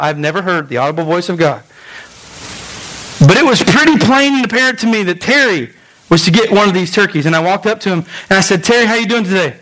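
A man pastor preaching a sermon in a lively storytelling way, acting out voices and making quick asides. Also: sits high, low-quality recording.

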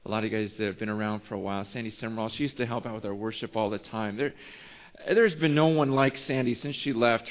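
A male pastor preaches a story sermon, moving between hushed, quiet moments and fired-up passages. His voice sits a touch high for a man. The recording is narrow and tinny, as if heard over a phone. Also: in a large hall.

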